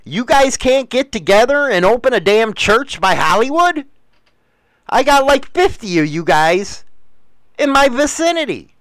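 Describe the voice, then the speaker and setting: A man's voice: extremely high pitch, big pitch swings, unhurried, fairly bright tone, dry recording. A middle-aged man hosting a radio show, rambling bluntly and swearing freely in a casual monologue.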